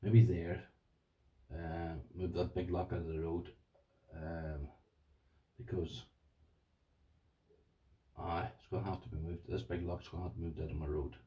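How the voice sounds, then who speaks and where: A deep-voiced Irish man with a warm, mellow tone chats on his vlog, gushing over and over and calling his viewers "boys". His voice sits a little back from the mic, so it sounds somewhat distant. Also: flat delivery, measured pace, long pauses. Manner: gushing, repeats himself, addresses viewers as "boys". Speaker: lockpicking vlogger. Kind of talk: casual excited unboxing chat.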